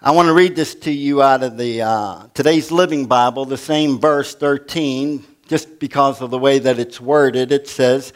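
A man's voice: medium pitch, normal speed, hardly any pauses. An older man preaching a sermon as pastor, folksy and humorous, asking the congregation questions.

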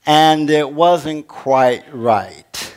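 A man's voice: fairly high pitch, drawn-out words, smooth. An older man preaching a sermon as pastor, folksy and humorous, asking the congregation questions.

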